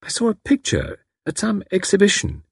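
A man's voice: high-pitched, huge pitch swings, normal speed, creaky, a bit bright, breathy edge, dry recording, clean studio sound, voice pushed up, exaggerated voice. A man reading aloud, voicing a polite, curious lady who hesitates as she explains herself. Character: polite, curious middle-aged lady visitor.

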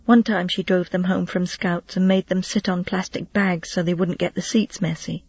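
An audiobook narrator telling a children's novel in a steady storytelling voice, now and then lightly voicing the characters. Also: medium pitch, moderate pace, gravelly, breathy edge, no room sound. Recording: dull, dry lo-fi recording.

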